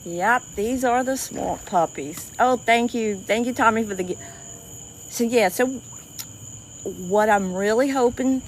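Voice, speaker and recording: A woman's voice: medium pitch, a little hiss or hum. A woman from South Louisiana with a Cajun accent, chatting casually with viewers during an outdoor livestream by the water. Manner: chatty, lots of restarts and y'all, laughs easily. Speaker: livestream host. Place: outdoors by a swamp river at night.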